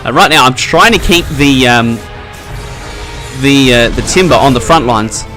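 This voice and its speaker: Young male gameplay commentator, casual and chatty, tense bright tone. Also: mid-range voice, measured pace. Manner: chatty, laughs often, excitable at tense moments. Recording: faint background music.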